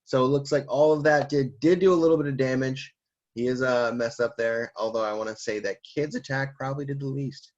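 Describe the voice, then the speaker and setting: A man co-hosting a casual chat, animated, laughing often and swearing casually. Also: medium pitch, a little fast, muffled recording. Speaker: co-host.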